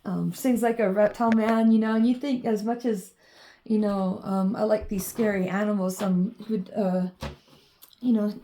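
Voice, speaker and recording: A woman's voice: medium pitch, fairly even intonation, normal speed, mellow, a little hiss or hum. A woman vlogging in a casual, meandering monologue full of ums and you-knows as she shows her drawings.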